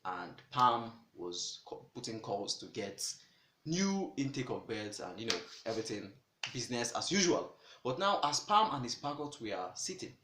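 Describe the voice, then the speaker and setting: A man casually telling a folktale, animated and exclamatory, with chatty asides. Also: medium pitch, normal speed, reverberant, a little hiss or hum. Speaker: storyteller. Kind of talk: casual storytelling.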